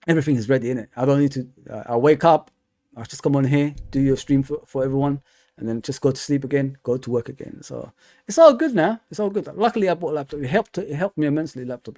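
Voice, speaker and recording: A young man hosting a fan channel live stream from home chats casually with his viewers, rambling and repeating himself with plenty of fillers. His voice is mid-range and a little mellow.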